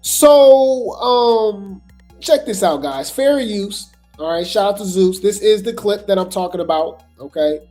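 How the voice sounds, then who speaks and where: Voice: mid-range voice, animated, measured pace, dark tone, soft background music. A host giving casual commentary, rambling with lots of fillers, repeated words and chatty asides to viewers.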